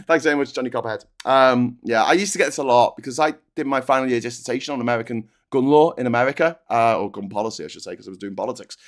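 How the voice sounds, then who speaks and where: A British man hosting a political commentary livestream, animated and sarcastic, ranting with frequent restarts. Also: medium pitch, quick pace.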